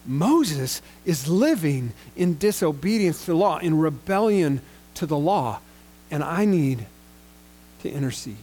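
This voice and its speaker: Casual, chatty male preacher with a higher voice. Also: big pitch swings, unhurried, a little mellow. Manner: casual, conversational retelling with slangy paraphrased quotes; reads scripture aloud at length. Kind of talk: sermon.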